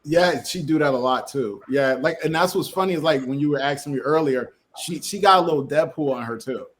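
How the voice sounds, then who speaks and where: A man's voice: fairly high pitch, brisk, poor audio. A man, a comic creator guest on a casual podcast, talking in loose slang and acting out quotes as he tells a story.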